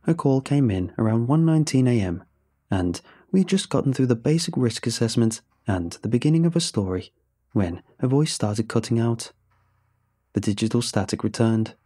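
Man narrating horror in a dark, husky voice. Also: mid-range voice, no echo. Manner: measured, suspenseful delivery. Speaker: storyteller. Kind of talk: scripted first-person horror narration.

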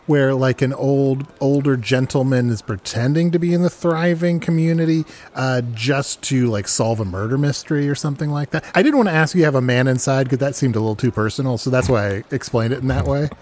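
A man's voice: mid-range voice, brisk, few pauses, a little mellow. A man hosting an improv comedy show, asking playful, rambling questions. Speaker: host.

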